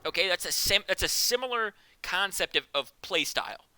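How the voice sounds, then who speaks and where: A man casting a live esports match, joking between quick breakdowns of picks and bans. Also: high-pitched, slight background noise. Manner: joking, excitable, fast analytical patter. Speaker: esports caster.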